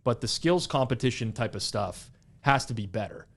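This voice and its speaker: Animated, rambling man on a podcast. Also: mid-range voice, moderate pace, creaky. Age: young adult. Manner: animated, rambling, heavy use of "like". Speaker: podcast co-host. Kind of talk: casual chat.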